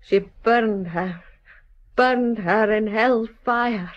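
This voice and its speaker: An actress playing a hypnotized young woman who recounts a horror in a halting voice and breaks into anguished cries. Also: fairly high pitch, lo-fi sound. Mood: dazed, halting. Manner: halting, then screaming in anguish. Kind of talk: 1970s radio drama acting.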